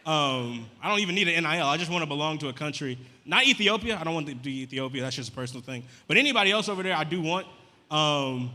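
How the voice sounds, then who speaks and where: Deadpan male comic working the crowd; rapid delivery, long room reverb. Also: on the high side. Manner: deadpan, chatty crowd work with casual slang. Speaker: stand-up comedian. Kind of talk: stand-up comedy set. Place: comedy club stage. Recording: live venue with long reverb.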